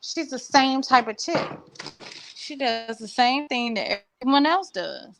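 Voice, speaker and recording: A woman co-hosting a casual chat, chatty and quick to agree. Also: sits high, expressive, fairly bright tone, slight background noise, low-quality recording.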